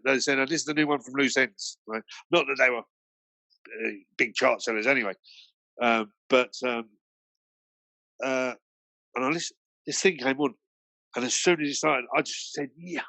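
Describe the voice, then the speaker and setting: A man's voice: medium pitch, normal speed, bright, forceful tone, no room sound. A man from Britain, a guest DJ, telling anecdotes in a rambling way full of fillers and restarts. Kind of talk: anecdotal storytelling in a conversation.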